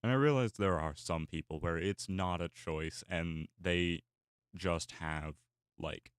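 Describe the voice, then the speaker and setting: Young man, deep voice, dry close sound, rambling casual chat while drawing. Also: slow, smooth, dry recording. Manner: rambling, many fillers and restarts. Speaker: artist and YouTuber.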